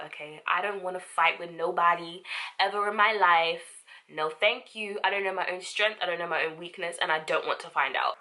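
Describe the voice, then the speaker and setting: A young woman, chatting casually to camera as a vlogger, sassy and expressive with quick asides. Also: on the low side.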